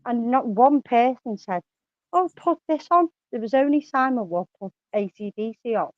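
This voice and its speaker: A woman's voice: on the high side, moderate pace, no echo, dull audio. Swearing, chatty woman. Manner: swears a lot, laughs often, rambling anecdotes. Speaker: guest on a live chat stream. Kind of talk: casual chat.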